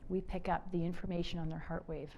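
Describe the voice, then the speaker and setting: A middle-aged woman from Canada giving a motivational talk, telling stories with animated swings from loud to soft. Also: on the low side, quick pace, gravelly, dull audio. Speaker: speaker.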